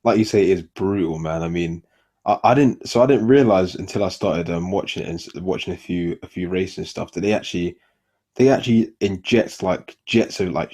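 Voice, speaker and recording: A man's voice: low voice, dark tone, slightly rough. A man hosting a podcast, talking in a laid-back, casual interview manner and often calling his guest "man". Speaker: podcast host.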